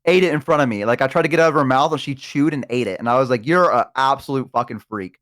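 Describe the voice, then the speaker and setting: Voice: medium pitch, very fast, no room sound, clean studio sound. A streamer chatting casually on a stream, telling a story animatedly and acting out voices. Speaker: streamer guest.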